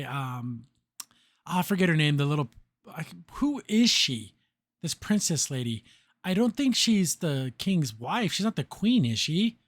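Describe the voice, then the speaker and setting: A man's voice: on the high side, no room sound. Chatty man recapping a cartoon, close and dry. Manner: chatty, laughs often, acts out characters' lines. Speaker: podcast host. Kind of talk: casual episode recap.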